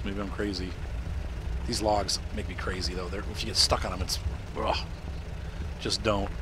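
A man's voice: medium pitch, noisy background. A middle-aged man casually narrating a game as he plays, explaining each step as he goes. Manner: chatty, explains as he plays, talks to family off-mic. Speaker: gameplay streamer. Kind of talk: casual gameplay commentary.

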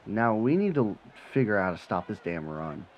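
Low-voiced man yelling over his football game. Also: moderate pace, dull audio. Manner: swings from low mutter to excited yelling, swears when frustrated. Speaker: gaming channel host. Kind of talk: live gameplay commentary.

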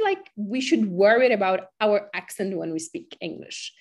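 A woman's voice: mid-range voice, sing-song, normal speed, darkish tone. Encouraging woman lecturer on a video call. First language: Arabic. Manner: encouraging, explains with examples, frequent fillers. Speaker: business English lecturer. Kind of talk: online lecture with student Q&A.

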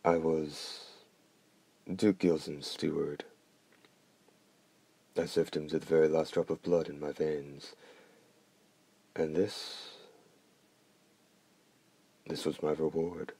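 A man's voice: a bass voice, little pitch movement, slow pace, pauses often, warm tone, slightly rough, full character voice. A man voicing a bitter, mutilated old male steward who speaks in a formal, polite way.

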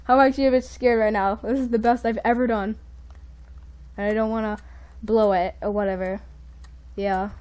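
A woman giving excitable live commentary while playing a video game, jumping between panicked outbursts and quiet muttering. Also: a little high. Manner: says "dude" and "frick" a lot. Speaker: gaming video creator.

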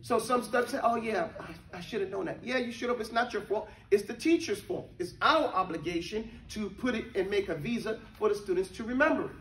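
A man with a very high, bright voice teaches a class. He keeps checking in with his students and sometimes chants a verse for them. He is picked up from across an echoey room. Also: fairly quick, hardly any pauses. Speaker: religious teacher. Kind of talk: interactive classroom lesson. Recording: echoey room from a distant mic.

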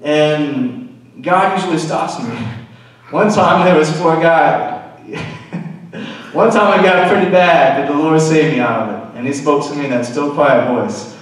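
A man with a slightly high voice preaches in a loose, confessional way, tossing in "you know" as he goes. His voice rings around a big, echoey church hall. It reaches the mic from well off. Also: unhurried, far from the mic. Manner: candid, confessional, frequent "you know" asides. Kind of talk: conversational sermon testimony. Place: church sanctuary.

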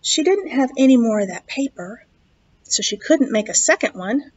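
A woman, a children's librarian, reading a story aloud at a virtual storytime in an expressive, slow, sing-song way. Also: a little high, slight background noise. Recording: dull lo-fi online video recording.

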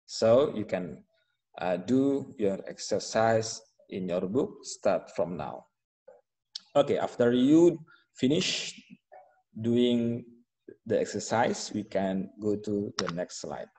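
Guy teaching english, slow and kinda mellow, lots of uhs, echoey room. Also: lowish voice, expressive. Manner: slow, explanatory, with frequent fillers and restarts. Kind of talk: online classroom instruction.

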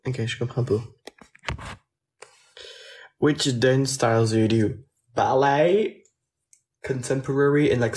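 A man with a French accent, a native French speaker, chatting casually on a phone livestream and answering viewer comments in a soft, hesitant way that often trails off. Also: medium pitch. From France.

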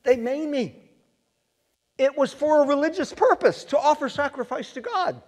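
A man's voice: extremely high pitch, animated, moderate pace, darkish tone, pitched above the performer's own voice. A man voicing a defensive ancient king who stammers out excuses, in a sermon. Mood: flustered excuses. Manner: stammering, whiny. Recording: long reverb of a church sanctuary.

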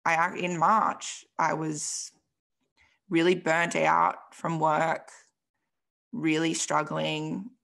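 A young woman appears as a podcast guest, telling her personal story in an interview with frankness and emotion, swearing and saying "like" a lot. Her voice is low, level, and a bit bright, with vocal fry and a very slow delivery.

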